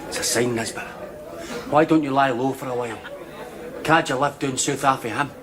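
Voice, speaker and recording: A man's voice: medium pitch, moderate pace, crowd noise, lightly acted. An actor playing a blunt, urgent man in a sitcom. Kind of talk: sitcom acting. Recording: sitcom with audience laughter.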